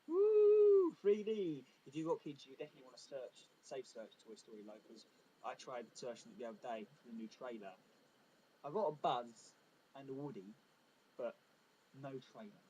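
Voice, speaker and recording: A man performing a stand-up comedy routine with deadpan, self-deprecating asides. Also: mid-range voice, moderate pace, dull audio, slight background noise.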